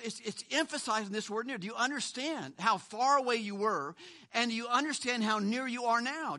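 A man's voice: high-pitched, pushed and bright. A male pastor preaching a sermon, emphatic and full of rhetorical questions, often repeating a word for stress.

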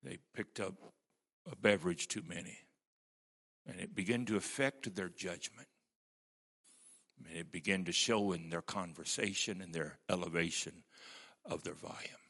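A man's voice: low voice, normal speed, pauses often, a bit bright. A man preaching a sermon as pastor, telling stories with strong emphasis.

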